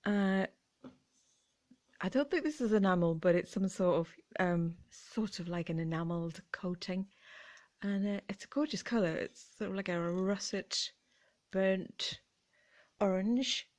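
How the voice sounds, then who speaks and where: A woman's voice: mid-range voice, unhurried, a little mellow. A woman with a British accent talks casually to her viewers in a mid-range voice. She rambles cheerfully, giggles often and lets her sentences drift off unfinished. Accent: British English. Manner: chatty, giggly, rambling, trails off mid-thought. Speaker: vlogger. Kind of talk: casual chat.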